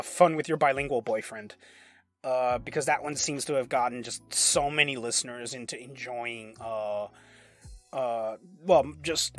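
A man's voice: medium pitch, fairly bright tone. A man who performs and writes audio scripts, answering fan questions casually, rambling with lots of fillers and restarts and laughing often.

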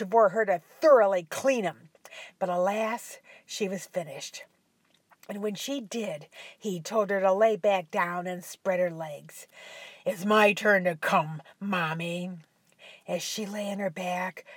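A woman narrating an adult audio story in a soft voice that drops to a whisper at times. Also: mid-range voice, breathy edge, no echo.

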